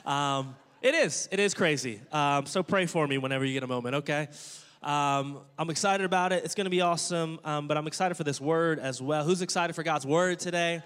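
A man preaching a sermon as pastor, energetic and joking, calling on the congregation to respond. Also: a little high, brisk, smooth. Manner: jokey, playful asides. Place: church sanctuary. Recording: long church-hall reverb.

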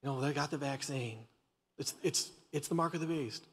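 Man, from Canada, pastor, joking sermon, fairly high voice, long church reverb. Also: moderate pace. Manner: casual, joking, lots of restarts. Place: church sanctuary.

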